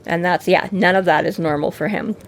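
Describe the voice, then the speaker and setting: A woman's voice: lowish voice, fairly even intonation, brisk. A woman co-hosting a casual book podcast, rambling with lots of fillers and acted-out quotes. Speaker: podcast co-host. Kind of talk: casual book discussion chat.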